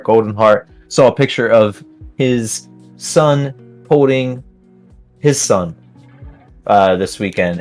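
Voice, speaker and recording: A man hosting a live trading stream, chatting casually while reading viewer comments aloud and laughing often. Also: sits low. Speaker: livestream host.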